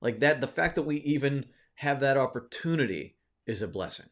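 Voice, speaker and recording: A man's voice: mid-range voice, animated, moderate pace. A man hosting his own video, telling a personal story in a casual, rambling way, with many fillers and restarts, often checking in with "right?". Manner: reflective, encouraging. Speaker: video host.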